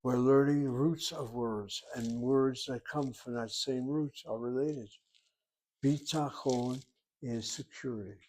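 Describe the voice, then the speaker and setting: In a slow, steady, slightly mellow medium-pitched voice, a man walks through a Hebrew grammar lesson. He works methodically, repeating important terms and breaking each rule down step by step.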